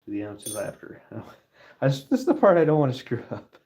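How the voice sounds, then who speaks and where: A man's voice: mid-range voice, wildly swooping pitch, moderate pace, a little mellow. A middle-aged man chatting casually to camera while stamping a silver bar, joking and talking to his dog as he works.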